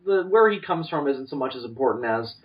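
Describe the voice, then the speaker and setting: A man co-hosting a podcast, rambling through animated opinions with lots of restarts. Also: mid-range voice, brisk. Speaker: podcast co-host. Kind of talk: casual chat. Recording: distant, dull lo-fi podcast mic.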